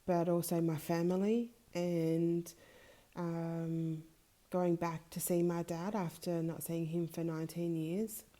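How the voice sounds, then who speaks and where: A woman talks through a personal podcast episode at an unhurried, slow pace, in a mellow, fairly low voice. She is hesitant, filling gaps with frequent filler sounds, and speaks in a confiding, heartfelt way as a spiritual coach. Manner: heartfelt and confiding, laughs often. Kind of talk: casual personal podcast monologue.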